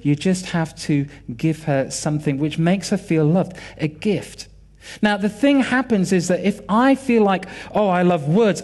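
A man's voice: a little high, darkish tone. A British man in his forties giving a sermon, telling personal family stories and acting out quoted dialogue with animation.

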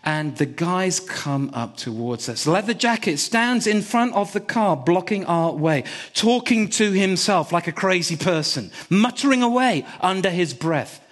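A man delivers a sermon in a fairly high voice. He tells a personal story and leans hard on repetition to drive each point home. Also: animated, unhurried, few pauses. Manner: emphatic, repeats key words. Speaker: preacher.

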